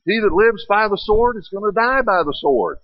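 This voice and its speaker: Brief: a preacher playing Jesus rebuking a disciple, firm and admonishing, voice lifted, lo-fi. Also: male voice, sits high, expressive, moderate pace, dry recording, pitched above the performer's own voice. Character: Jesus, grown man, firmly rebuking.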